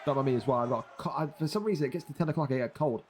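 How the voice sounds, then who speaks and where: A man with a blocked, stuffy nose doing energetic play-by-play commentary on video game fights. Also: medium pitch, rapid-fire, slight background noise. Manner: energetic play-by-play, rising to shouts on big hits.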